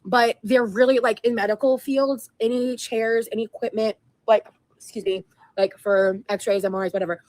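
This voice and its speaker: A woman's voice: fairly high pitch, fairly even intonation, normal speed, darkish tone, dry recording. Woman rambling through a story, lots of ums and likes, casual. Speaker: vlogger.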